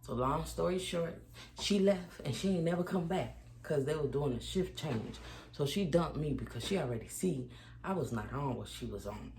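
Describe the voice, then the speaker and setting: Gravelly-voiced woman telling her birth story. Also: low voice, moderate pace. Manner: animated, acts out each exchange; chatty, talks straight to viewers. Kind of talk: casual storytelling to camera. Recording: echoey room with faint background noise.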